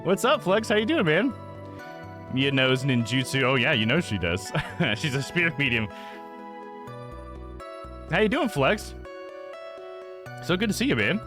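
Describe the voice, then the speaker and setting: A man's voice: on the high side, big pitch swings, unhurried, pauses often. A young man chatting casually with viewers on a live stream, laid-back and swearing freely. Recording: game music behind.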